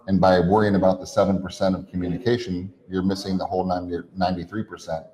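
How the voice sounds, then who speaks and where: A man with a very low voice co-hosts a casual podcast. He coaches his listeners, stringing points and questions together in long run-on lists. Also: little pitch movement, quick pace, few pauses, warm tone, rough recording. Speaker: podcast co-host. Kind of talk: casual chat.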